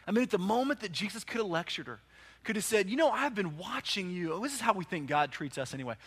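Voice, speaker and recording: A man preaching a sermon as pastor, impassioned, rising to loud urgent peaks and dropping to hushed quiet passages. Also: sits high, expressive, quick pace, breathy edge.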